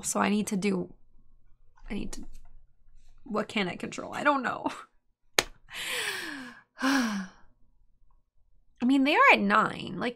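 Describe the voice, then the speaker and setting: A woman commentating her own card game play, frustrated and exasperated, sighing and swinging between muttered asides and loud outbursts. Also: a little high, creaky, breathy edge. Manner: frustrated, exasperated venting with sighs. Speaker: streamer drafting and playing a card game. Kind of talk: live gameplay commentary.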